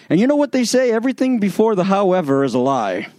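High-voiced animated male preacher. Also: quick pace, hardly any pauses, dry recording. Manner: animated, sarcastic, acts out the spies' lines. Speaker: pastor. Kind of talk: sermon.

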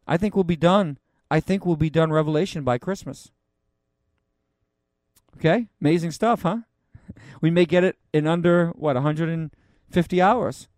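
A man, a pastor, teaching the Bible verse by verse in a conversational way, with joking asides and loud, emphatic readings of the scripture. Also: a little high, no room sound, clean studio sound.

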